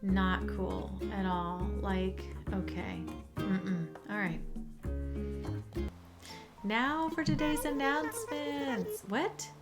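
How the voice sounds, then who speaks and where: A woman hosting a casual video game vlog, talking excitedly and chatting straight to her viewers. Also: medium pitch, drawn-out words, pauses often. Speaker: gaming channel host. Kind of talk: casual gameplay commentary. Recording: background game music.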